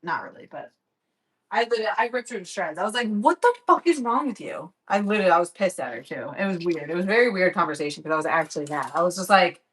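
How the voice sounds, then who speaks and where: A young woman chatting casually as she cooks in her home kitchen, swearing freely and telling stories in a lively way. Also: lowish voice, rapid-fire, poor audio. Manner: chatty, profane, animated storytelling. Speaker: vlogger. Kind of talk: casual cooking vlog chat.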